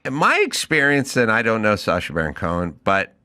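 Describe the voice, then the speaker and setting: A man's voice: lowish voice, big pitch swings, fairly quick, bright, forceful tone. A middle-aged man hosting a podcast in casual studio chat, blunt and jokey as he riffs. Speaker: podcast host.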